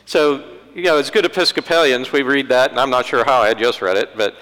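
A man's voice: medium pitch, fairly quick, hardly any pauses, a bit bright, big-room sound, low-quality recording. A man preaching a conversational sermon in a church, with wry asides and acted-out quotes.

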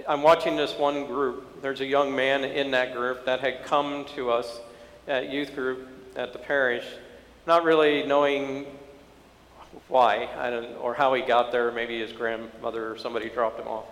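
A man telling a story in a sermon, moving from low-key storytelling to impassioned preaching. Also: little pitch movement, a little slow, fairly bright tone. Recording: echoey hall.

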